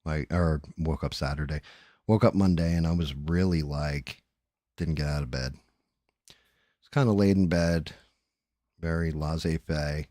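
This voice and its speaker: A man's voice: a bass voice, unhurried, long pauses, warm tone, no room sound, studio quality. A middle-aged man, a streamer, talking candidly and rambling in casual chat, with some cursing.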